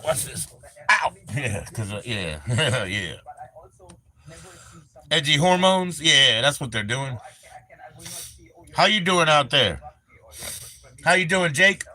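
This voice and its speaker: A man's voice: a little high, sharp tone. An older man on a live stream, rambling and swearing as he greets viewers and chats casually.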